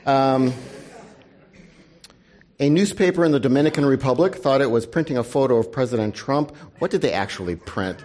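A man moderating a panel and running a news quiz for an audience, brisk and wry, dropping his voice for asides. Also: medium pitch, a little mellow. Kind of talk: live panel event hosting.

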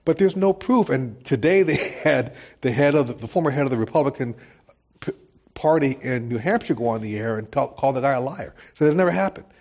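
A man's voice: medium pitch, lively intonation, a little fast, darkish tone. Journalist guy on a panel, gets worked up, voice jumps up on the big points. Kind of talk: panel discussion.

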